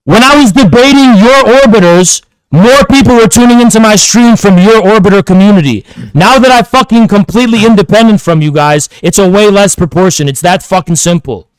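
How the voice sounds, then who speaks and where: Guy streamer yelling insults over and over in a heated debate, highish voice, dead dry sound. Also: brisk, hardly any pauses, clean tone, no echo, rough recording. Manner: taunting, profane, repeats insults.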